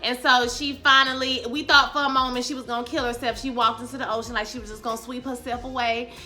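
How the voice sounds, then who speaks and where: Woman doing a chatty tv recap, bright and kinda high voice, slangy, acts out lines loud, faint music under it. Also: quick pace. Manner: animated, acts out characters' lines with loud outbursts; casual slangy speech, addresses viewers as y'all. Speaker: TV recap vlogger. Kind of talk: casual TV recap chat.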